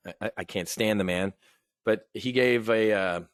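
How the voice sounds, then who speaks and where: A middle-aged American man hosting a live options trading show, talking in a rambling, opinionated way with frequent restarts and throat clearing. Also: fairly low pitch, moderate pace, dry recording, clean studio sound. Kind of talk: casual live market commentary.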